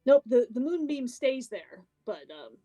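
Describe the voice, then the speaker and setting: A woman's voice: sits high, sing-song, unhurried, dark tone, no echo. A woman playing a druid in a tabletop game, chirpy and laughing. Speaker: player. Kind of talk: casual tabletop play.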